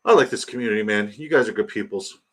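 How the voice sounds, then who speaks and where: A man's voice: on the low side, quick pace. A man hosting a casual livestream, rambling about his draft, reading chat aloud and hyping a giveaway. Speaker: livestream host.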